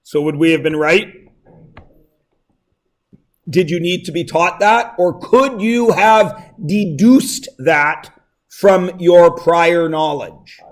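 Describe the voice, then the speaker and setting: High-voiced joking math teacher. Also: male voice, slow pace. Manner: quizzing, joking asides. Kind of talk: classroom lesson. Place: classroom.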